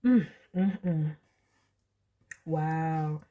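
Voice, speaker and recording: A young woman giving a casual pick-a-card tarot reading, chatty and animated, often laughing. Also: low voice, very slow, narrow, tinny audio. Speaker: tarot reader.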